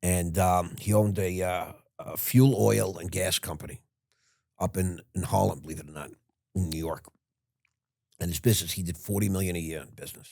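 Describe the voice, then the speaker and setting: An older man, a podcast guest, telling stories in a rambling way with halting restarts. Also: deep voice, steady tone, creaky, warm tone, no echo, studio quality. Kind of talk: casual storytelling.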